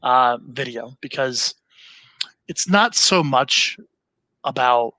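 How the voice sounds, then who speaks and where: A man's voice: medium pitch, measured pace, sharp tone, no echo. A man guesting as a marketing company CEO, talking casually with lots of fillers and restarted phrases. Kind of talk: conversational interview, sample email read aloud.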